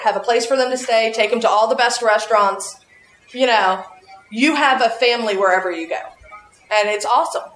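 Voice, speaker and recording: A talkative woman with a somewhat high voice tells animated stories and laughs often as she goes. She sounds a little echoey, as if in a reverberant room. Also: slight background noise. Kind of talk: casual chat.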